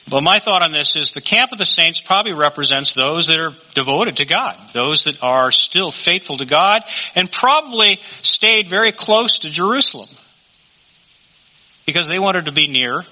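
A man's voice: a little high, animated, moderate pace. A man teaching a Bible study in a conversational sermon style, often asking rhetorical questions. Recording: dull lo-fi recording.

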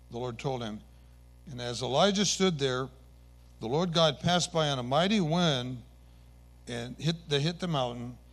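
A man's voice: fairly high pitch, a bit bright. A man preaching a sermon, retelling scripture stories with earnest emphasis and occasional self-corrections.

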